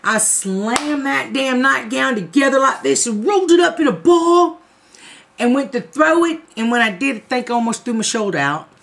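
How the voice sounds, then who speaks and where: A woman tells a story to her viewers in a casual vlog, swearing freely and playing it for laughs. Her voice sits fairly high and swings widely up and down as she talks. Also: moderate pace, creaky. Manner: animated, profane, comic storytelling. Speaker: vlogger.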